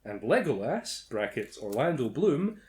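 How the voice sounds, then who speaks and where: A man's voice: mid-range voice, sing-song, unhurried, a little mellow. A man hosting a casual movie commentary, reading out trivia with sardonic, sweary mock outrage. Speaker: podcast host reading film trivia.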